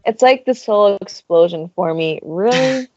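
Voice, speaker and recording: A woman's voice: medium pitch, animated, normal speed, darkish tone, highs cut off, slight background noise. A woman co-hosting a podcast in casual chat, making wry, skeptical remarks. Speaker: podcast co-host.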